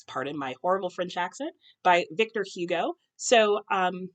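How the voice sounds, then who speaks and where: A woman's voice: lowish voice, expressive, normal speed. A young American woman chatting casually to camera about books at home, with many ums and self-corrections. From United States. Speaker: booktuber. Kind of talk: casual book chat to camera. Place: home, husband cooking nearby.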